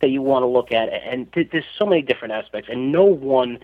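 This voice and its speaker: A man's voice: mid-range voice, a little fast, phone-quality sound. A man talking about stocks as a podcast guest, rambling with many restarts and fillers. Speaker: stock newsletter writer, guest. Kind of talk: casual podcast chat.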